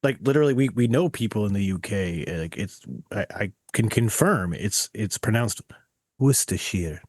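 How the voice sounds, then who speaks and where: A man's voice: on the low side, moderate pace, darkish tone, no room sound, studio quality. A man co-hosting a podcast in casual chat, emphatic and insistent, swearing offhandedly. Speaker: podcast co-host.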